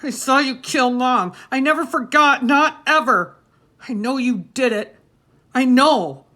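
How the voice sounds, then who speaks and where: A woman reading an audiobook, voicing a desperate teenage boy in high, strained shouts. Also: unhurried. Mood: pleading. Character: desperate teenage boy, big and slow-spoken. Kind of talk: audiobook character voice.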